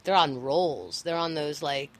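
Blunt, sarcastic woman co-host. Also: deep voice. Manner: blunt, sarcastic, quick to argue. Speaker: podcast co-host. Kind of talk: casual crude banter.

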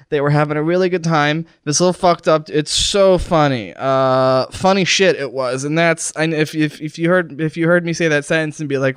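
A man's smooth, slightly high voice comes through a dry, close studio mic. He hosts a comedy podcast while playing out a mock poisoning, straining and wincing through each sentence. He keeps breaking off and starting again. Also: normal speed, hardly any pauses, no echo. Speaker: podcast host. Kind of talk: comedic improvised monologue. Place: recording studio. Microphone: studio microphone.

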